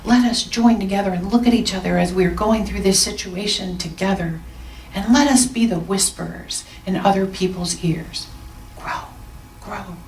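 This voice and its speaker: A woman minister giving a gentle, reflective Sunday sermon with slow, soft pauses. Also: medium pitch, slight background noise. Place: church sanctuary. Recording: roomy sound, mic at a distance.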